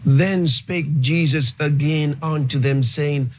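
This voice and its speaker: A man's voice: fairly high pitch, lively intonation, measured pace, slight background noise. A male pastor preaching a sermon, emphatic, repeating key phrases and dwelling on exclamations.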